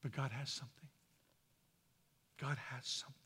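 A man from Idaho preaching a sermon as a pastor, shifting between hushed, slow passages and loud, fervent ones. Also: mid-range voice, steady tone, slightly rough. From Boise, Idaho. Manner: impassioned, swings from hushed to loud. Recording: long hall reverb.

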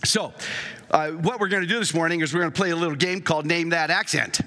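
A man's voice: fairly high pitch, fast, bright, forceful tone. An older man, a grandfather, preaching a sermon in a loose, conversational way, with stop-start phrasing and chuckles. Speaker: pastor. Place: church sanctuary. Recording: echoey hall reverb.

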